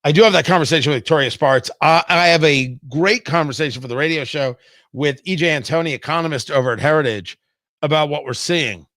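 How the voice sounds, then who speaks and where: A man's voice: on the high side, quick pace, a bit bright, no echo, clean studio sound. A man hosting a political talk show, talking in a combative, emphatic way.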